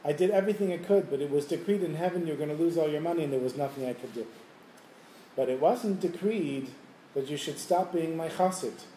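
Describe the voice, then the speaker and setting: A man voicing a wise elderly Hasidic Rebbe who calmly explains, in a roomy room with faint ambience. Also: fairly high pitch, fairly quick, slight background noise, lightly acted. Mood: explaining. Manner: calm explaining.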